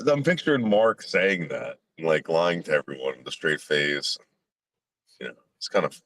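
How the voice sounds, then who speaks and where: A man's voice: rumbling low, expressive, moderate pace, fairly bright tone, no room sound. A man hosting a casual livestream chat, rambling with fillers and restarts and swearing bluntly. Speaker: podcast host.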